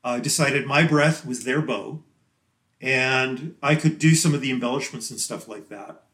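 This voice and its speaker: A chatty man of middle pitch speaking as a podcast guest, rambling through his answers with easy laughter. His voice rings with a noticeable room echo, as if recorded in a live, roomy space. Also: measured pace, fairly bright tone. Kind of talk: casual interview chat.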